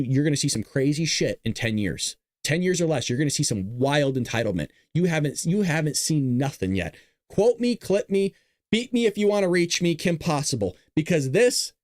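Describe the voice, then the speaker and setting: A man hosting a political commentary show, casually rambling with crude, excitable remarks. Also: mid-range voice, brisk, no room sound, studio quality. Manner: excitable, crude, rambling, with self-amused laughs.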